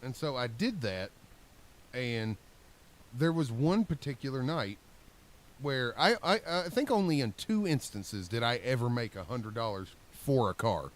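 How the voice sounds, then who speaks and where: A man swaps stories with friends on a podcast, winding through a long tale and voicing the people in it. His pitch rises and falls freely as he talks. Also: a little slow. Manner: rambling, animated storyteller acting out quotes. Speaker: podcast co-host. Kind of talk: casual storytelling chat.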